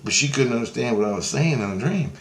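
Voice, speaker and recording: An animated man with a medium-pitched voice talks at a quick pace over slight background noise. He recounts a dream casually, rambling and swearing, restarting repeatedly and describing with gestures, in an echoey room with faint ambience.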